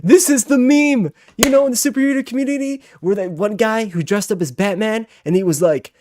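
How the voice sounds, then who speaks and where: A man's voice: high voice, a little fast, background noise. A man in his twenties with a heated, profane, exasperated way of talking as he hosts a reaction video. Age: 20s. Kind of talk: ranting reaction commentary.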